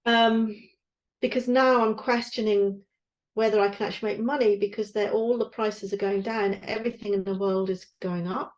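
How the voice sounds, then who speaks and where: A woman's voice: medium pitch, steady tone, moderate pace, lo-fi sound. Candid woman venting her worries. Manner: candid, self-searching, swearing, trailing off. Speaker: podcast co-host, guesthouse owner. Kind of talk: candid casual chat.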